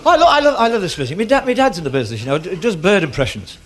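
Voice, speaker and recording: A man rattles off quick one-liners on stage, his voice high and bouncing all over. He drops into low character voices for the punchlines. Laughter from a live crowd rolls over a noisy room. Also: sing-song. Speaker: stand-up comedian. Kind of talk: stand-up comedy routine. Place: comedy club stage before a laughing audience. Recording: live audience laughter and noise.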